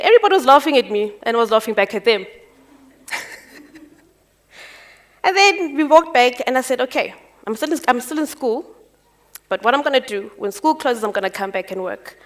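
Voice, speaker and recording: A South African woman telling her life story on stage, animated and acting out the dialogue. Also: high-pitched. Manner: animated, acts out dialogue with quick voice jumps. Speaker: entrepreneur speaker. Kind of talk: personal storytelling talk.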